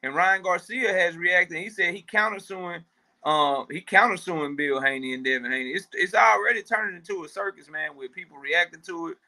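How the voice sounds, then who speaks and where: Bright-voiced casual man. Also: high voice, moderate pace. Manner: loose, profane, thinking out loud with fillers. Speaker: boxing talk show co-host. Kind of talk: casual boxing chat.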